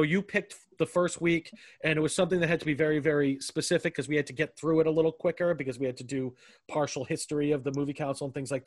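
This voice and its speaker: A man's voice: on the high side, no room sound, studio quality. A man hosting a casual podcast chat with friends, rambling and stammering through restarts, a little tipsy. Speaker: podcast host.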